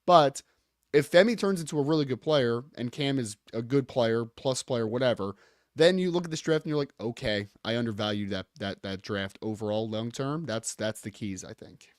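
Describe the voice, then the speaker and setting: A man's voice: medium pitch, moderate pace, dry recording, studio quality. A man co-hosting a sports podcast, speaking casually and reading viewer comments off a list.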